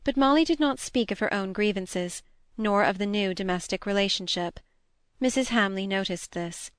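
A woman narrating a novel as an audiobook reader, reading in a measured, even way. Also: mid-range voice, smooth, dry recording. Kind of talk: scripted narration.

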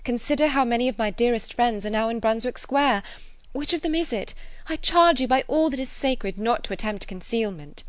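A woman voicing a spirited young gentlewoman who speaks insistently and pleadingly in a raised voice. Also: fairly high pitch, normal speed, no room sound, voice pushed up, lightly acted. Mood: alarmed.

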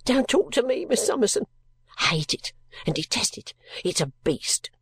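A woman reading a sullen, ink-stained teenage girl from a storybook, blunt and resentful, her words dropping low and sometimes sinking toward a whisper. The reading is dry and close, with no room sound. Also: sing-song, normal speed, a bit bright, husky, no echo. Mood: sulky.

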